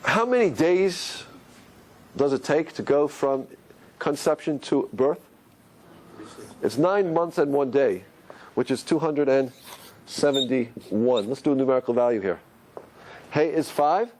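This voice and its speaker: A man's voice: mid-range voice, a little slow, long pauses, slight background noise. A man giving a lecture on Hebrew letters, asking his listeners question after question. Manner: questioning, rhetorical, animated. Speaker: Torah teacher.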